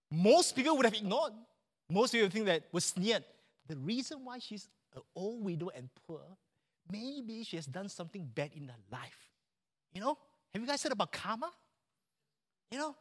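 A man preaching a sermon in church, animated and joking with the congregation. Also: high-pitched. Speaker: pastor.

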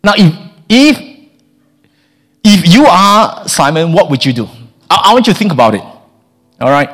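A man preaching a sermon in a lively way. He often stammers and repeats words, and he acts out the people in the story. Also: on the high side, a little slow.

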